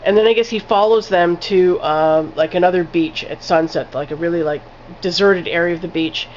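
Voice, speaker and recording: A woman's voice: lowish voice, fairly even intonation, normal speed, darkish tone, slight background noise. Woman film reviewer, casual vlog delivery, rambling and profane, muffled lo-fi recording. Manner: rambling, many "like" fillers, casual swearing.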